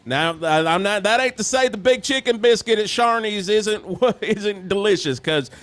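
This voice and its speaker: A man's voice: sits high, moderate pace, fairly bright tone, soft background music. A man playing a folksy, rambling trucker who fills in as a radio host in an improvised comedy parody, easily sidetracked.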